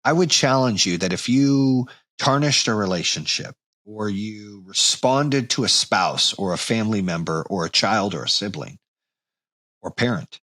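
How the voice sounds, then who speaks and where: A man in his forties with a husky, slightly low voice, delivering a blunt motivational talk. He swears casually and gets animated when he acts out losing his temper. The sound is dry and close. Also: a little slow, no room sound. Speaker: podcast host. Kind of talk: motivational monologue.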